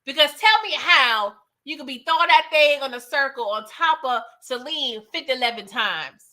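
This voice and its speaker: Bright-voiced woman doing a sassy show recap. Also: high-pitched, animated, normal speed. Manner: slangy, laughs often, playful sass, acts out quoted dialogue. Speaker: TV recap host. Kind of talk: live TV episode recap, casual chat.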